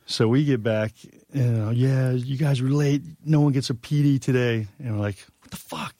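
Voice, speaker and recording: A man's voice: mid-range voice, fairly even intonation, moderate pace, warm tone, no room sound, studio quality. A man telling a long tour story in a casual chat, rambling and profane, with many fillers. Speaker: guest musician.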